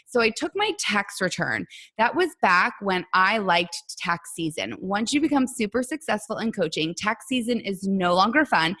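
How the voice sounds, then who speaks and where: A woman's voice: mid-range voice, big pitch swings, moderate pace, pushed and bright. A middle-aged woman, a fitness coach, giving a chatty motivational talk to her team and acting out quotes as she tells her story. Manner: chatty, storytelling, acts out quotes in other voices.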